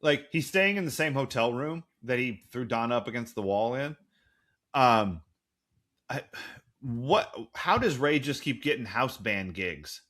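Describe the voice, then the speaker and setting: A man's voice: medium pitch, expressive, measured pace, a bit bright. A man co-hosting a podcast, recapping a TV episode in a casual, profane, sarcastic way. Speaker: podcast co-host.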